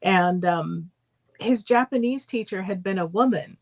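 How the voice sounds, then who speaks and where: Woman calmly explaining her point of view. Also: medium pitch, a little slow. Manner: thoughtful, explains at length with fillers. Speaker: livestream co-host. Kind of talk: casual chat.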